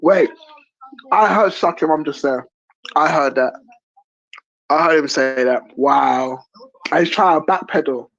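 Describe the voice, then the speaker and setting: A woman's voice: sits low, unhurried, long pauses, no room sound, highs cut off. A woman hosting a stream, reacting in casual chat in a blunt, incredulous, swearing manner. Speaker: stream host.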